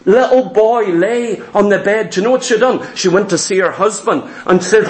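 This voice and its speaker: A man's voice: high-pitched, moderate pace, hardly any pauses. A man preaching an impassioned sermon, firing rhetorical questions and repeating his phrases for emphasis. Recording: echoey room.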